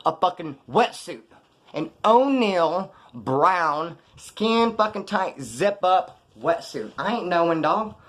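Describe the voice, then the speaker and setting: A young man telling a story in a casual monologue, full of slang and swearing, acting out what people said. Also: on the high side. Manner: profane slangy street talk, animated retelling. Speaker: vlogger telling prison and post-release stories.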